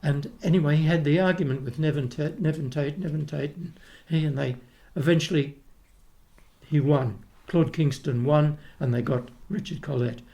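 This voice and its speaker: A man's voice: on the high side, moderate pace, vocal fry, mellow, muffled recording. An older Australian man, a retired opera tenor, tells rambling anecdotes in a casual interview, restarting sentences and acting out the people he quotes.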